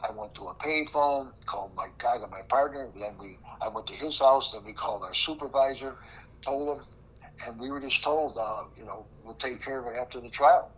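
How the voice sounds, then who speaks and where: An older man recounts an old case as a guest on an interview show. His voice is bright and a bit husky, and he acts out what people said to him with emphasis. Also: medium pitch, moderate pace, low-quality recording. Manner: emphatic, acts out quoted dialogue. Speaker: former prosecutor, guest. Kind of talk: storytelling interview.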